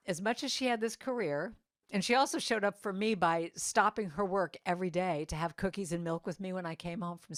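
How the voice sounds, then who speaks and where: A woman's voice: lowish voice, no echo, clean studio sound. A woman musician giving a conversational storytelling talk at a church service, acting out quoted dialogue as she goes. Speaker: musician and singer-songwriter speaking to a congregation.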